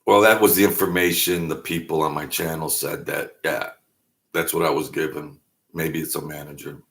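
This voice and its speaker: A man's voice: extremely low pitch, steady tone, normal speed, gravelly, a bit bright. A man hosting his own channel, talking in a loose, rambling way with jokes and self-deprecating asides. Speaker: YouTube channel host. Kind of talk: casual vlog monologue.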